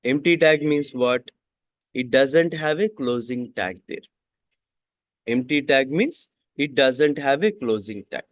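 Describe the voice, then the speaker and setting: Slow man repeating every line. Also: mid-range voice, no echo. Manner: repeats each sentence twice, slow and deliberate. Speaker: coding instructor. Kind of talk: classroom coding lesson.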